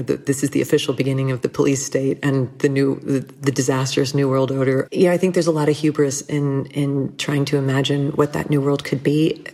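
A woman speaking as an interview guest, reflective and conversational, telling personal stories with small restarts and soft laughs. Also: low voice. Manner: thoughtful, warm storytelling with frequent restarts and light laughs.

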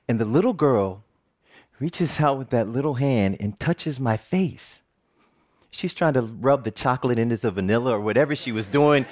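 A middle-aged man, a television reporter, telling a personal story in a talk with animated, joking delivery. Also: moderate pace. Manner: animated, jokey storytelling with big pitch swings.

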